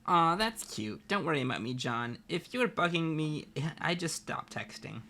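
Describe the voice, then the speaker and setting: A man's voice: on the high side, sing-song, normal speed, bright, forceful tone, heavily acted. A man reading as a sarcastic, teasing troll girl. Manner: dry, mocking, teasing. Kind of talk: fan read-aloud role-play.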